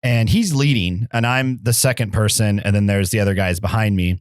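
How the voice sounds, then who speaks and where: A man's voice: fairly low pitch, a little fast, no room sound, clean studio sound. A man co-hosting a podcast, telling a long anecdote in casual chat with lots of "like" and "um.". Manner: rambling anecdote full of "like" and "um". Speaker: podcast co-host.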